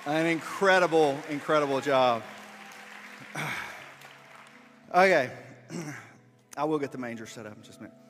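A pastor giving a relaxed, conversational sermon with asides to his congregation. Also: on the high side, normal speed, pauses often, faint music behind, some chatter behind. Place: church sanctuary. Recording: long hall reverb.

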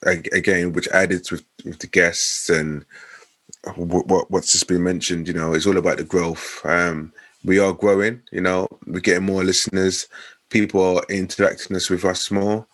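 A man's voice: low-pitched, flat delivery, normal speed, fairly bright tone, no room sound. A man co-hosting a podcast, rambling casually and searching for words as he talks. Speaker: podcast co-host. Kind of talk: casual chat.

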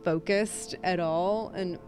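A woman's voice: on the low side, steady tone, slow pace, darkish tone, soft background music. A woman co-hosting a casual true-crime podcast, chatty and self-deprecating, laughing often. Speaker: podcast co-host.

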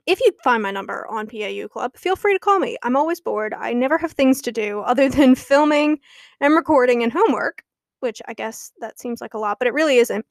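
Chatty young woman, fairly high voice. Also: dry recording, clean studio sound. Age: young adult. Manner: chatty and gossipy, laughing often. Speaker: podcast host. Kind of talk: casual chat.

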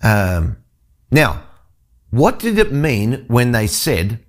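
Drawing out his words, this Bible teacher speaks at medium pitch with wildly swooping intonation. He reads a scripture passage and follows it with earnest explanation, frequently restarting sentences.

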